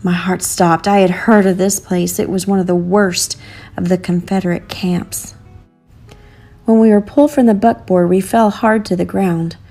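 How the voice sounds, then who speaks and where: A woman narrating a storybook in an earnest, measured reading. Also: lowish voice, steady tone, warm tone, soft background music.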